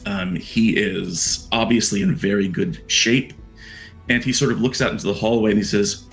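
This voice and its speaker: A man's voice: on the low side, steady tone, normal speed, gravelly, faint music behind. A man running a tabletop horror game as game master, narrating casually with plenty of fillers. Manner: casual, rambling, many fillers.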